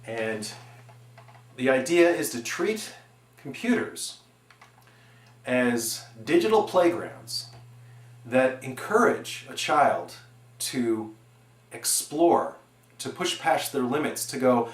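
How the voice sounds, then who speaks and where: A man in his forties giving an earnest, animated presentation on education, building his points with examples. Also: medium pitch, slow pace. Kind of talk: explanatory presentation. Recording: echoey room.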